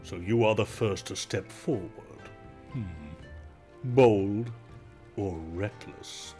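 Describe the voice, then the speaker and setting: A man voicing a sinister, creepy tribal leader in a slow, breathy half-whisper. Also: fairly low pitch, mellow, soft background music.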